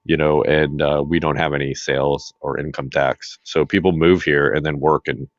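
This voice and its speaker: A man with an extremely deep, low voice, co-hosting a podcast in a relaxed political chat. He rambles and restarts his sentences often. The audio is dry and a little muffled. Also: normal speed, no echo. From Massachusetts. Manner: rambling, many fillers and restarts. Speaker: podcast co-host.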